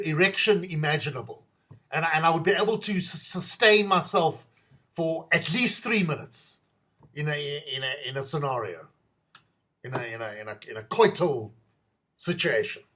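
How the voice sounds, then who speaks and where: A man's voice: a little high, lively intonation, moderate pace, bright, forceful tone, slightly rough. A man with a South African accent doing a rambling, self-mocking comic monologue on the news, stumbling and restarting often. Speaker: podcast host.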